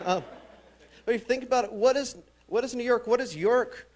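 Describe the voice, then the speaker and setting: Young guy doing standup, kinda high voice, dry deadpan jokes. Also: fairly quick. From New Mexico. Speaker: stand-up comedian. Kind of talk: stand-up comedy set. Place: small college theatre stage.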